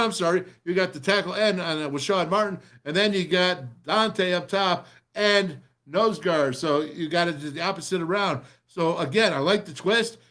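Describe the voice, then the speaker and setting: Fired-up man breaking down game film. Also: sits high. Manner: excitable, rambling, pumped up. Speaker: radio show host breaking down game film.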